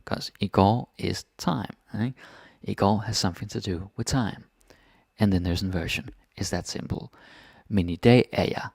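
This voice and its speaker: Low gravelly man teaching grammar. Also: dry recording, clean studio sound. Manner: relaxed, often checks in with "right?". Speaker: Danish language teacher. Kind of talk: casual grammar lesson.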